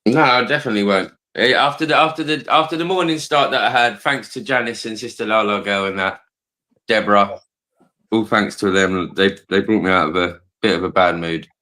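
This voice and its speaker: A man's voice: lowish voice, fairly quick, bright, forceful tone. A man chatting casually on a livestream, mild and friendly. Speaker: fellow YouTuber on stream. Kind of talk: casual chat.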